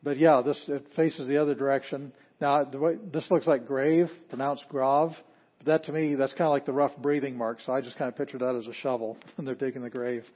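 A man teaching a classroom lesson, talking things through in an easygoing, plainspoken way and chuckling at his own asides. His voice sits in a middle pitch. The recording is a bit muffled and lo-fi. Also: fairly quick. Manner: relaxed, chuckling, plainspoken, with fillers. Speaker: Greek teacher. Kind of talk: classroom lecture.

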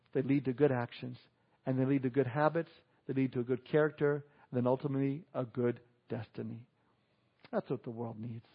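A man's voice: medium pitch, breathy edge. Man preaching a casual sermon, dull audio. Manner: conversational preaching with chuckles and asides. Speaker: pastor.

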